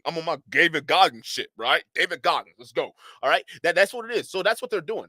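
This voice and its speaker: Lively mocking male streamer, dry close mic. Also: high-pitched, no echo. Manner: sarcastic, laughing, drawn-out slang. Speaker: commentary streamer. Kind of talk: mocking reaction commentary.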